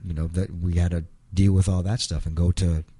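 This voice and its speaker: A middle-aged man shares a moving personal story as an interview guest, halting as he goes, repeating words and performing the quotes. He has a deep, husky voice with a dark, level tone.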